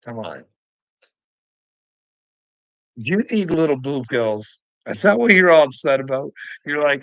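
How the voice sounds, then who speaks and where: A man running a casual livestream jokes crudely and swears, teasing his chat, replying to comments, and laughing plenty. His medium-pitched, fairly bright voice has lively intonation at a moderate pace, and the recording is dry and rough.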